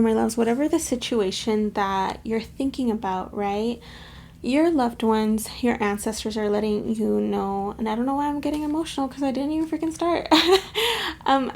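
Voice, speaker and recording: A woman runs a relaxed pick-a-card tarot reading, talking straight to her viewers in a chatty, affectionate way. Her voice sits a little high and carries a gravelly rasp, with a faint hiss of noise behind it. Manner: chatty and affectionate, keeps addressing viewers as "my loves". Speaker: tarot reader.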